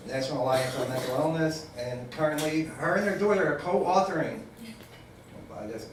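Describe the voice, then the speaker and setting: Fairly high-voiced man introducing a speaker. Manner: casual, lightly joking, self-correcting. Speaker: event emcee introducing a speaker. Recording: echoey hall voice from far off with noise.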